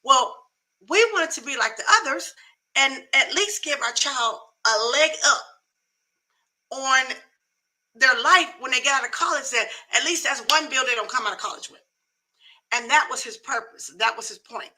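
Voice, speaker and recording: A woman's voice: high voice, normal speed, bright, forceful tone, low-quality recording. A middle-aged woman hosting a live talk show, giving emphatic, folksy advice in a casual, preachy way.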